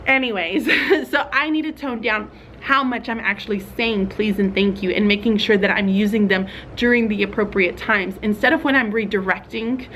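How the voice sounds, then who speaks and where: A young woman teacher, chatting casually to other teachers in a vlog and thinking out loud with fillers and small laughs. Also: medium pitch, normal speed, slight background noise.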